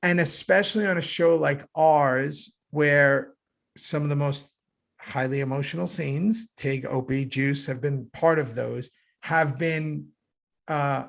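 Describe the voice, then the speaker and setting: Gravelly middle-aged man, chatty podcast host. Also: fairly high pitch, slow. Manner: animated, thinks aloud with many "right?" asides. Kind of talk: casual review chat.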